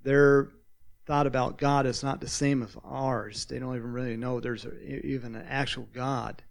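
A man giving a conversational sermon about a mission trip, telling stories and slowing down to stress key words, often clearing his throat. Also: mid-range voice, little pitch movement. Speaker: missionary speaker. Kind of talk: sermon with slides.

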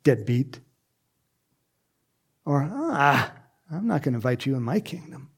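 Animated husky male preacher. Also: medium pitch, unhurried. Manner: animated, acts out voices, laughs often. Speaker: pastor. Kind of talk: sermon.

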